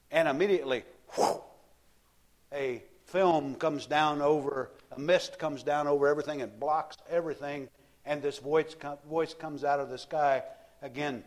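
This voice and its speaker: A man's voice: on the high side, steady tone, moderate pace. A man preaching a sermon, telling the story with frequent repeated words and restarts.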